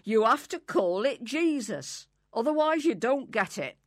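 A woman's voice: on the high side, big pitch swings, a little slow, dry recording, studio quality, voice pushed up. A woman voicing a bossy, insistent child playing the angel in a nativity.

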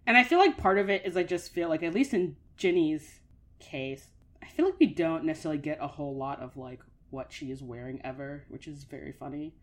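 Woman, low voice, podcast co-host, casual chat, chatty, filler-heavy. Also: expressive, fairly quick. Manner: chatty, many filler likes.

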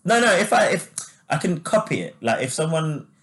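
A man's voice: on the high side, sing-song, moderate pace, fairly bright tone. A man co-hosting a casual chat podcast, talking loosely with lots of fillers and laughing easily. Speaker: podcast co-host.

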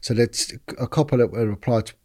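A man's voice: medium pitch, a little fast. A man, a former detective telling stories casually on a podcast and acting out what others said. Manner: animated, repeats words, acts out quotes.

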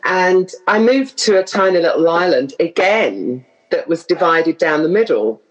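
On a rough recording, a middle-aged English-accented woman from London talks casually as a guest in a lowish, lively voice at a measured pace. She's chatty, laughs often, and tends to drift off on tangents.

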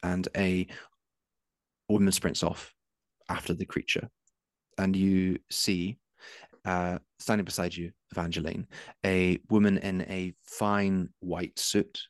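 A man with a low voice runs a tabletop game as game master, describing the action in a loose, searching way full of ums. His voice is deep and sits in a dry, close space. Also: level tone, slow, pauses often, no room sound. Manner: descriptive, with frequent um and uh.

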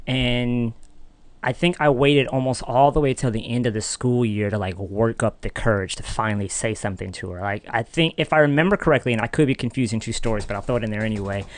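Animated young man telling a story. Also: fast. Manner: animated, acts out voices in a high dramatic pitch. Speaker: podcast guest. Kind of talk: casual storytelling.

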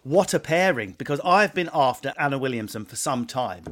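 A man's voice: mid-range voice, expressive, fairly quick, fairly bright tone. A man hosting a podcast, blunt and cheeky, swearing freely. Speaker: podcast host. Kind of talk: brash casual chat.

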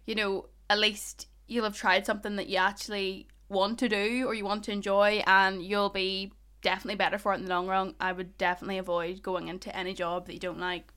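Young Northern Irish woman (Ballymena accent), podcast co-host, bright tone, casual and jokey. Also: medium pitch, smooth. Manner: chatty, laughs often, jokey.

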